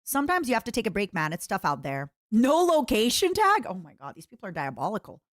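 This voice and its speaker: Young woman streamer, casual chat, animated with pitch swinging wide, dry close-miked voice. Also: fast talker, no echo. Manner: animated, bursts into high-pitched imitations.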